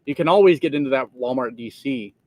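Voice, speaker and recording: A man with a fast, mid-range, slightly mellow voice hosts a trucker livestream from his cab, with no room sound. Reading comments and chatting casually, he swears freely, rambles and laughs often.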